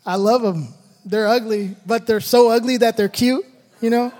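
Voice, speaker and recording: Very high-voiced man telling a story in a hall. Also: moderate pace. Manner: animated, acts out the moments with shouted sound effects. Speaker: father telling a personal story. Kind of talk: storytelling talk with a life lesson.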